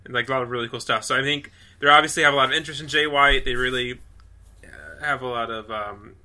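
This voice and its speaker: Gushing, excitable man with a bright voice. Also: medium pitch, fast. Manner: excitable, gushing, heavy use of "like", swears freely. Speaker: podcast co-host. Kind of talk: casual podcast chat.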